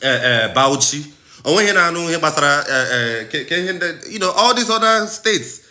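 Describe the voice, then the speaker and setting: A Nigerian man delivers a passionate commentary with a bright, forceful tone. His pitch swings widely as he repeats phrases and presses each point like a sermon. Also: expressive, normal speed. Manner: impassioned, rhetorical, preachy, repeats phrases for emphasis. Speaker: host.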